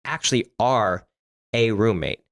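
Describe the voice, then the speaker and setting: Low-voiced blunt man on a podcast. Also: expressive, unhurried. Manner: blunt, swears freely, frequent restarts. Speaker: podcast co-host. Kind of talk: casual podcast chat.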